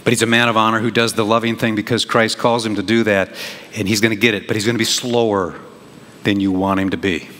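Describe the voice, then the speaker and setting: A pastor preaching a sermon in an animated, conversational way, with big jumps in emphasis. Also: male voice, fairly low pitch, fast. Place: church sanctuary. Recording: reverberant church hall, faint noise.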